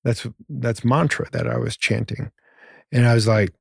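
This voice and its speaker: Animated storytelling man, mid-pitched. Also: moderate pace, creaky, breathy edge, no room sound, clean studio sound. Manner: animated, acts out quoted lines, swears. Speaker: podcast guest. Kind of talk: casual storytelling.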